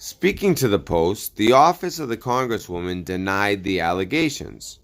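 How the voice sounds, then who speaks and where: A man's voice: lowish voice, sing-song, normal speed. Sarcastic man reading news aloud. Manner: sarcastic asides, stumbles over words while reading. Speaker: political commentary channel host.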